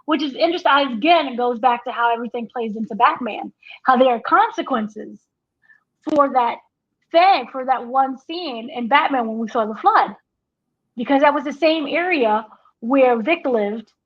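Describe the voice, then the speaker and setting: A woman's voice: high-pitched, lively intonation, moderate pace. A woman co-hosting a casual TV review chat, talking it through and acting out lines from the show. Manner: conversational, acts out quotes from the show. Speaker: entertainment editor, co-host. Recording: dull lo-fi audio.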